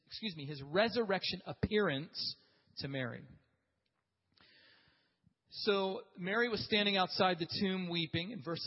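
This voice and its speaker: A man's voice: high-pitched, slightly rough. A man teaching a class in a conversational way, with restarts and asides to his listeners. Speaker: Bible teacher. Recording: dull audio in a reverberant hall.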